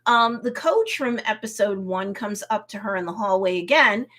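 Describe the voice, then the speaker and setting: A woman hosting a casual live review of a TV episode, recapping scenes in a lively way, acting out the characters' reactions, and slipping into motherly advice. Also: medium pitch, moderate pace. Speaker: host and TV reviewer.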